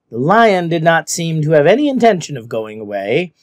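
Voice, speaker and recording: A man's voice: fairly high pitch, sing-song, moderate pace, hardly any pauses, no echo, studio quality. A man reading a novel aloud as scripted narration, telling the story expressively. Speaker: audiobook reader.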